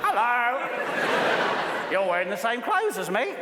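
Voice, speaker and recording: A man playing a crude, drunken, boorish character in live stage comedy, with a deadpan, drawn-out delivery. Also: very high voice, very noisy, heavily acted. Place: large theatre stage. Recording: echoey theatre hall, loud crowd. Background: loud live audience.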